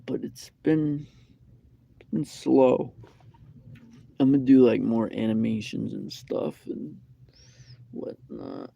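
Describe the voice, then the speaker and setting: A man's voice: mid-range voice, slow pace, vocal fry, pauses often, mellow, muffled recording. A young man telling a rambling story on a live stream, with lots of fillers and repeated phrases. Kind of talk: casual live-stream chat. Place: McDonald's restaurant.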